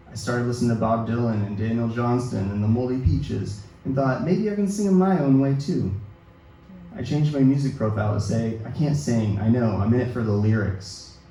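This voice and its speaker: Dark-voiced man reading in an echoey hall. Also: mid-range voice. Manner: measured, self-deprecating reading aloud. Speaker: author reading his own work. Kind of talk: literary reading of a personal essay. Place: event hall at a book release reading. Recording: echoey hall, distant mic, faint noise.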